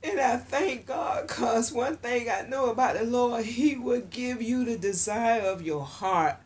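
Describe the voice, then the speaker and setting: A woman's voice: on the high side, a little slow, slight background noise. A woman talking to her viewers in a casual unboxing vlog, gushing and exclaiming as she opens a package. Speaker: reborn doll collector.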